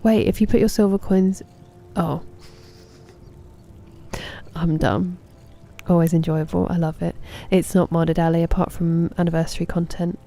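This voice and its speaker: A woman in her thirties streams a game and chats easily with her viewers, now and then muttering softly to herself. Her voice sits low with a gravelly fry. Its tone is dark and mellow. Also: level tone, fairly quick, hardly any pauses, soft background music. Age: 30s. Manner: chatty, reads and answers chat, mutters softly to herself. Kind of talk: casual live-stream chat while gaming.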